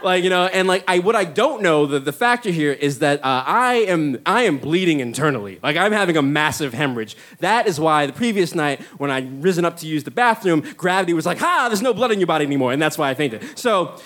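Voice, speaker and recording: A man's voice: fairly high pitch, a little fast, few pauses. Chatty man telling a story. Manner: rambling, many likes and uhs, animated when excited. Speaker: stand-up comedian and storyteller. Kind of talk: storytelling monologue.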